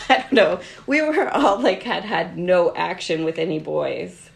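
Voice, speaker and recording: A woman in her twenties co-hosting a podcast, chatting casually and telling animated stories with frequent laughter. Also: on the low side, takes it slowly, gravelly. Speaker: podcast co-host.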